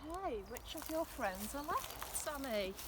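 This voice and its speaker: A woman presenting a play activity for small children, talking in a slow, exaggerated sing-song. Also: high-pitched, sing-song, background noise.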